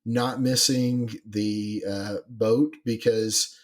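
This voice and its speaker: A man's voice: lowish voice, level tone, extremely slow. A man co-hosting a podcast in casual chat, rambling with many fillers and restarts. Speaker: podcast co-host.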